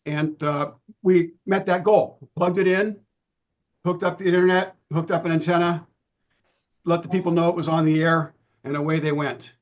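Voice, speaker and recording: A middle-aged man losing his voice, giving a relaxed presentation with many ums and restarts over a video call. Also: fairly high pitch, normal speed. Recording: dull lo-fi video-call audio.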